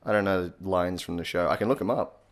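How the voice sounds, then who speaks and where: A man with an Australian accent giving a joking voice tutorial in a deadpan, sarcastic way, swearing casually. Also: deep voice, fast. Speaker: comedy YouTuber.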